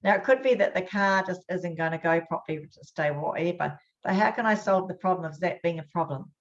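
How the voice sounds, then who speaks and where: A woman hosting a webinar as a hypnosis trainer, talking in an upbeat, chatty way. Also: on the low side. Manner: upbeat, chatty, quick bursts. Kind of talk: casual webinar talk. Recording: dull lo-fi webinar audio.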